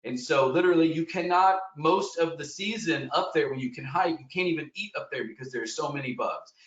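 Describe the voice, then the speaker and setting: A man's voice: fairly high pitch, brisk. A man working as a wilderness expedition guide, telling trail stories in a webinar in an earnest, emphatic way with some fillers. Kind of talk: storytelling webinar presentation. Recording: roomy, distant, dull webinar audio.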